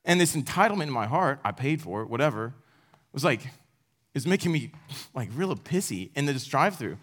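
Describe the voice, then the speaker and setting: A man's voice: medium pitch, expressive, moderate pace. Young man giving a casual sermon. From United States. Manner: casual, self-deprecating, with laughs. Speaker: campus speaker. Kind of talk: sermon to college students.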